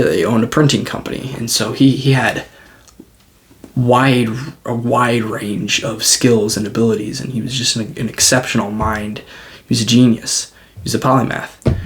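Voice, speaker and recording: A man's voice: medium pitch, creaky. A young man vlogging, musing aloud in a rambling way with many restarts and fillers. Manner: rambling, restarts, lots of "like" and "I mean". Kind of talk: casual talking-head monologue.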